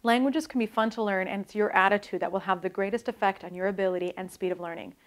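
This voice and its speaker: A woman, an author, giving a calm, scripted talk on learning languages and demonstrating pronunciation. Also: mid-range voice, fast talker.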